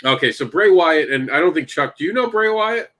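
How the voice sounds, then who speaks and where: A man hosting a casual chat, telling long animated stories and addressing his co-hosts by name. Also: a little high, brisk. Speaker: podcast host and comic creator.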